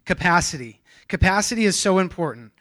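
A man's voice: sits high, lively intonation, brisk, a bit bright. A man preaching a sermon in a casual, conversational way, with frequent restarts and self-deprecating asides. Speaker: pastor.

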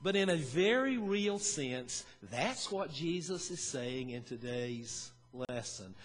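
A man's voice: fairly high pitch, fairly bright tone. Folksy preacher man, church reverb. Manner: folksy, storytelling, chuckles often. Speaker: pastor. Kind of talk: sermon. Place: church sanctuary. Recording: long church hall reverb.

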